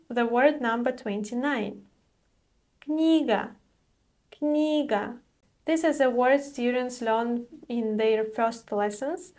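A woman's voice: fairly high pitch, darkish tone. A woman giving a language lesson, saying each word twice and spelling out how the stress falls. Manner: repeats each word slowly with clear stress. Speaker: Russian language teacher. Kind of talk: slow, careful vocabulary lesson.

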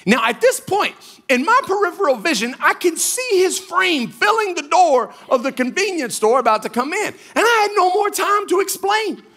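A male pastor giving a sermon, telling a story with lively acted-out scenes. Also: very high voice, normal speed. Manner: animated storytelling, acts out scenes.

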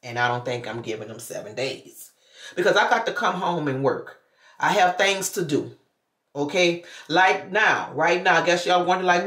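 A woman's voice: fairly low pitch, animated, unhurried, fairly bright tone. A woman, talking casually to her vlog viewers with loose slang and chatty asides. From New Orleans. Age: 50s. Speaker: vlogger. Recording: echoey room.

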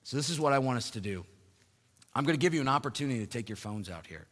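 Pastor preaching in a reverberant sanctuary. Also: male voice, lively intonation. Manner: rises in pitch and volume for emphasis, then drops soft and slow. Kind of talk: sermon. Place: church sanctuary. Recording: long hall reverb.

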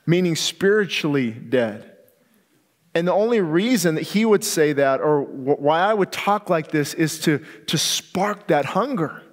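A male pastor preaching a sermon with passion, swinging from near-shouts down to quiet, low asides. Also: expressive, unhurried. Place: church sanctuary. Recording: long hall reverb.

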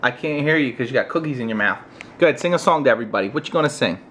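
An American man chatting casually with his toddler on camera, using playful baby talk and high, coaxing questions. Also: lively intonation, rapid-fire, fairly bright tone, slight background noise. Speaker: parent vlogger.

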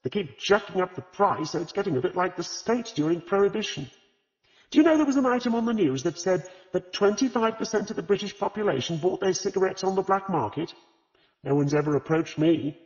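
A man's voice: high voice, fairly quick, voice pushed up, lightly acted. A man doing a prickly, brash middle-aged woman. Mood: indignant. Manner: sharp, indignant, sulky. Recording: reverberant, slightly dull audiobook recording.

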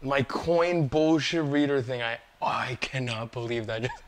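A man streaming a pinball game, chatting casually and excitedly, often laughing in disbelief and swearing now and then. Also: mid-range voice, moderate pace, slight background noise. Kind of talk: live-stream reaction chat.

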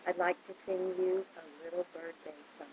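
A woman's voice: lowish voice, level tone, normal speed, a little mellow. A mother at home, playfully singing a birthday song and announcing her child on a webcam video. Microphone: computer webcam. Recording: muffled webcam audio with faint hiss.

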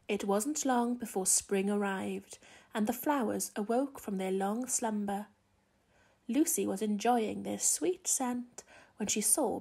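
A woman reading a children's picture book aloud in a gentle, expressive way. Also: mid-range voice, takes it slowly, creaky, husky. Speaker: children's storyteller.

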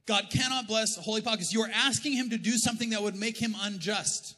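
A man preaching a sermon as pastor, telling funny stories and swinging from loud bursts to quiet asides. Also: high voice, a little fast, hardly any pauses. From Canada. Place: large church auditorium. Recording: church hall reverb.

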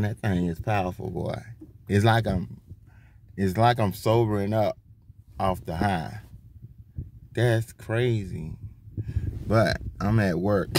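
A man's voice: fairly low pitch, takes it slowly, long pauses, darkish tone. A man talking casually about his faith while sitting outside his workplace. He rambles and often breaks off to exclaim and hum to himself. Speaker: vlogger. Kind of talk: casual spiritual monologue.

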